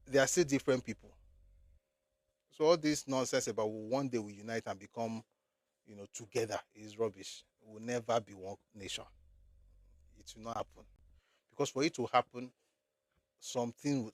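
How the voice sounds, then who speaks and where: A man's voice: mid-range voice, normal speed, long pauses, no echo, studio quality. A man with a Nigerian accent delivering a blunt, emphatic political commentary monologue, repeating phrases for effect.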